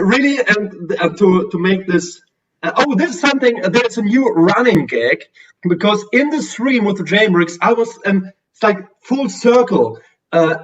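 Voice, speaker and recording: A man with a German accent chatting on a video call, hesitant, with many fillers and restarts. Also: high-pitched. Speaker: guest streamer. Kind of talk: casual video call chat. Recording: distant, dull lo-fi audio.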